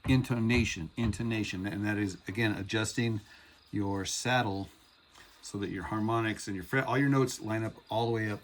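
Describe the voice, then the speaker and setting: A man's voice: on the low side, steady tone, normal speed. A man casually showing off a homemade cigar box guitar, chatty and rambling, often restarting his sentences. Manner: chatty, rambling, self-correcting. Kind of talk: casual workshop demonstration. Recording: guitar music playing behind.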